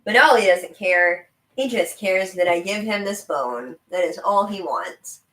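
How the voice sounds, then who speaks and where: A young woman with a faint Southern lilt chats loosely to a live-stream audience, rambling and laughing easily. Her voice sits in an ordinary middle pitch. The room around her adds a noticeable echo. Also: lively intonation, slow, a bit bright. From American South. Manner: chatty and rambling, laughing often, talking to her dog. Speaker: livestream host. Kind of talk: casual live-stream chat. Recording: roomy home recording.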